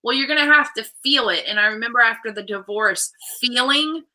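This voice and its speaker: A woman's voice: a little high, a little fast, rough recording. A woman hosting an interview show, chatting casually and acting out the voices of people in her stories. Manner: animated storytelling, acts out quoted voices. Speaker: host.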